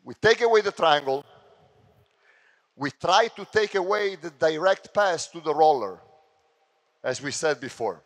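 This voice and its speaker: Italian-accented coach in echoing gym. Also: male voice, fairly high pitch, lively intonation. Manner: brisk commands, shouts cues during drills. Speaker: basketball coach. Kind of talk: on-court coaching clinic. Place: large indoor gym. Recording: long gym reverb.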